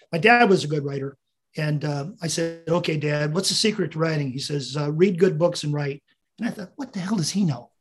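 With a breathy edge to a voice on the high side, this American veteran in his seventies recounts rambling stories as an interview guest, laughing softly and quoting dialogue.

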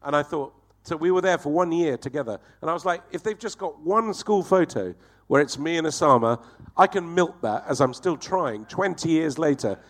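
A man telling a profane, animated comic anecdote as a guest on a talk show, acting out the voices in his story. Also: on the high side, moderate pace.

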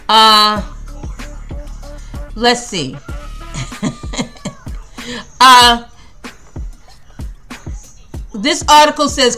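A woman's voice: on the high side, bright, forceful tone. A woman hosting a casual solo podcast, rambling and stammering with frequent laughter. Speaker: podcast host.

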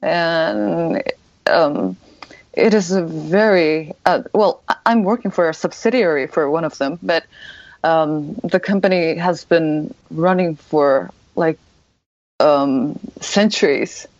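A woman from Japan who speaks English as a second language, chatting as a podcast guest. She speaks slowly and hesitantly, pausing on many "um"s, with a fairly low voice for a woman. The sound is dry and a bit dull. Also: darkish tone, no echo. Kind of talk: casual chat.

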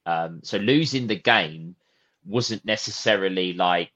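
A man co-hosting a football podcast in casual chat. He talks thoughtfully, pausing on fillers as he works through his points. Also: deep voice, a bit bright. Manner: thoughtful, hesitant, many fillers. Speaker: podcast co-host.

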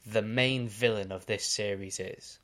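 An Australian man co-hosting a casual podcast, recapping episodes in a quick, animated way. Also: on the low side. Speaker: podcast co-host.

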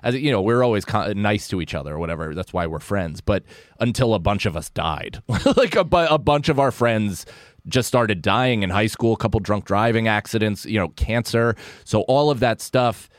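American man, comedian guest, lowish voice, dry close mic, earnest and reflective. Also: lively intonation, moderate pace, no echo. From United States. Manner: reflective, earnest, casual swearing. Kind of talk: candid podcast interview.

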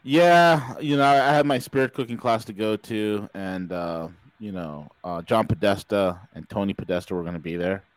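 A man's voice: lowish voice, normal speed, hardly any pauses, no room sound, poor audio. A man hosting a casual live-stream talk show, jokey and rambling, laughing at his own gags. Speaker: host.

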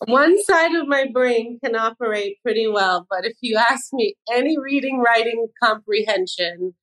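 A woman's voice: a little high, expressive, moderate pace, a bit bright, rough recording. A woman in her fifties, a fashion designer guest on a podcast, talking in a candid, self-deprecating way. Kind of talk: casual interview chat.

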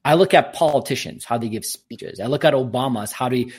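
A man speaking as a podcast guest, with a slightly husky voice at a middle pitch. He talks in long, emphatic runs like the motivational speaker and coach he is. He pushes his points with conviction. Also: a little fast. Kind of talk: podcast interview answers.

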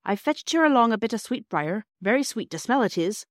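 A woman's voice: a little high, lively intonation, a little fast, no room sound, clean studio sound, pitched above the performer's own voice, natural voice. A woman voicing a kindly, plain-spoken adult male railway porter in a storybook reading. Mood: earnest kindly.

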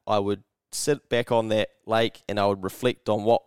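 On the low side and fairly even in intonation, this young New Zealander speaks at a moderate pace with a clean tone in a dry, studio-quality recording. He's a podcast co-host telling a casual story, cursing a lot and voicing his own thoughts aloud.

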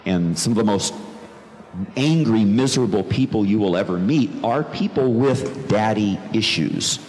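Really low-voiced guy telling his own story, earnest and reflective, roomy reverb. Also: darkish tone. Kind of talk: personal testimony talk. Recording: long reverb in a large room, faint background noise.

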